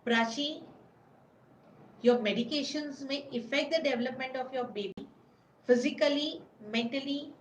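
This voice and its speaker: A woman's voice: high-pitched, moderate pace, roomy sound, slight background noise, rough recording. A woman hosting a parenting webinar, answering viewers' questions in an earnest, instructive way. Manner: earnest, instructive, speaks directly to expectant mothers. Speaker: prenatal parenting webinar host.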